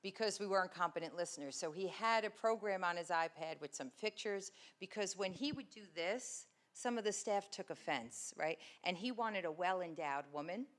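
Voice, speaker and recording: A woman's voice: on the low side, normal speed, few pauses. A woman presenting to an audience in a room, explaining video clips in a conversational way and often checking in with "right?".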